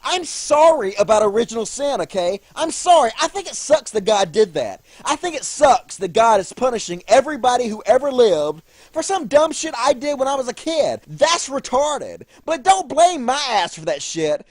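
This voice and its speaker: A man's voice: extremely high pitch, no echo, heavily acted. A man doing a foul-mouthed stoner Adam. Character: crude slacker Adam, first man, male young adult. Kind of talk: comedic monologue.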